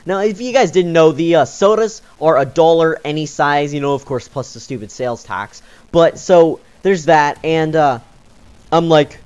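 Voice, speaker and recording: A man's voice: fairly high pitch, lively intonation, moderate pace, muffled recording. A young man telling a story in a casual vlog, rambling with many fillers and sounding exasperated. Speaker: YouTuber.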